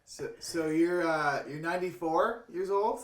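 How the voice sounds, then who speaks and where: A man interviewing an elderly guest, asking gentle, affirming questions. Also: fairly high pitch, a little slow.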